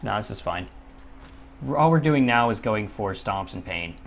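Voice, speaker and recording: A man's voice: lowish voice, expressive, moderate pace, gravelly, slight background noise. A young man commentating his own gameplay, often frustrated, swearing and muttering to himself. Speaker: gaming YouTuber.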